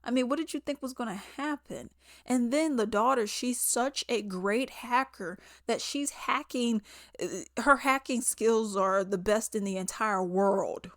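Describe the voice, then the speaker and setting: A woman giving a casual spoken movie review, animated and quick to mimic people in quotes, laughing often. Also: fairly high pitch, dry recording, clean studio sound.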